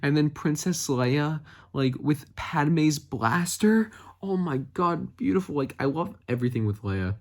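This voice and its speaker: A man reviewing a TV episode in a casual vlog, excitable and rambling, with lots of "like" fillers. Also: fairly high pitch, a little slow. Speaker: fan reviewer.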